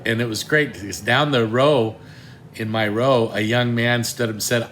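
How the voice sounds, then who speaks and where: A man's voice: medium pitch, fairly even intonation, brisk, fairly bright tone, a little hiss or hum. An older man telling a casual, wry, self-deprecating story, with many fillers and restarts. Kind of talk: casual anecdote.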